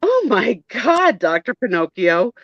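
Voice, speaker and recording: A woman voicing a whiny, frightened female patient doll who squeals and sings loudly. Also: fairly high pitch, big pitch swings, a little slow, no room sound, voice pushed up, exaggerated voice. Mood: excited. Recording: dull lo-fi dry sound.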